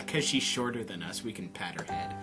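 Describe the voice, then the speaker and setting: A man's voice: mid-range voice, expressive, normal speed. A man reading a visual novel aloud and cracking jokes with laughing asides. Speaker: let's player. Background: background music.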